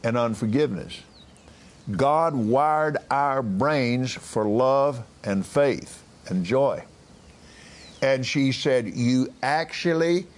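Slow, gravelly-voiced male preacher outdoors. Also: mid-range voice, a little hiss or hum. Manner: rambling, restarts, chuckles. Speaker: minister. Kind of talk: casual broadcast preaching. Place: backyard, outdoors.

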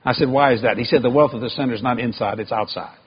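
A man preaching a sermon to a congregation, with emphatic stresses and sudden high shouted climbs. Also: fast talker, breathy edge, lo-fi sound.

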